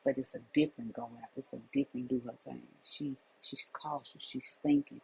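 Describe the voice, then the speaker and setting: A woman's voice: a bass voice, steady tone, a little fast, creaky, hardly any pauses, darkish tone, slight background noise, poor audio. A middle-aged woman, a life coach, telling a personal testimony as a faith message in an emphatic, repetitive storytelling manner.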